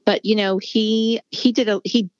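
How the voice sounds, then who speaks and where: A woman's voice: medium pitch, fairly even intonation, measured pace, darkish tone, dry recording, lo-fi sound. A middle-aged woman author speaking candidly in a casual interview, rambling with many fillers. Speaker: author guest.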